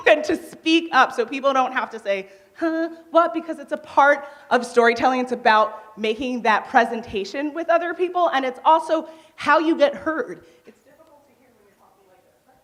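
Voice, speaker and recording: A young woman giving a motivational talk on a conference stage, naturally loud, laughing often and asking the crowd questions. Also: high-pitched. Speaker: conference speaker. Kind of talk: motivational workshop talk to a live audience.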